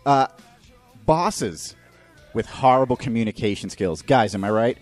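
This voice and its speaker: A man's voice: medium pitch, animated, measured pace, darkish tone, faint music behind. A man hosting a podcast, ranting profanely and mocking people in put-on voices. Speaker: podcast host. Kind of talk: ranting comedic monologue.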